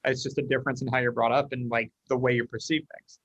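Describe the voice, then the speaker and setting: A man from the United States, a guest in a casual interview, telling stories quickly and acting out the dialogue. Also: mid-range voice, no room sound, dull audio. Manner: fast, animated storyteller acting out dialogue. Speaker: guest, company leader.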